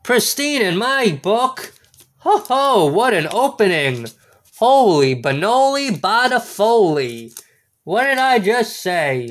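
Man, goofy card-unboxing host, very lively swooping pitch, slow unhurried delivery. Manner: goofy, exclaiming, playful wordplay. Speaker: card-opening video host. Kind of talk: casual unboxing commentary.

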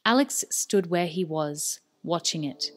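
A woman reading an audiobook in steady, measured narration. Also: lowish voice, soft background music. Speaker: audiobook reader. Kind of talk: scripted narration.

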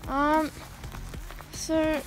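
A woman's voice: sits high, flat delivery, very slow, low-quality recording. A woman vlogging outdoors on a farm, filming with a handheld phone and rambling casually with lots of ums. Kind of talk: casual vlog narration. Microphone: handheld phone camera.

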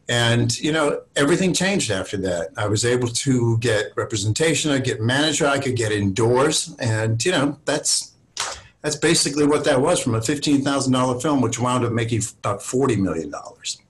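A man's voice: mid-range voice, a little hiss or hum, rough recording. A man in his sixties, an actor guest, telling showbiz stories with plenty of swearing on a video call. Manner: swears freely, acts out other people's lines in raised voices. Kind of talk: casual storytelling interview.

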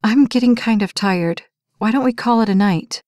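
A woman's voice: a little high, normal speed, dry recording, clean studio sound, natural voice. A woman reading an audiobook, voicing a tired young woman who answers her pushy date firmly and sharply. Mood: strained polite. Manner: firm and sharp, rising when pushed.

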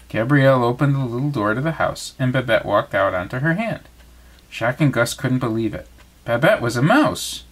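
Dad, man, bedtime story reading, expressive, lively pitch, medium voice. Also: moderate pace. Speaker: father reading bedtime stories.

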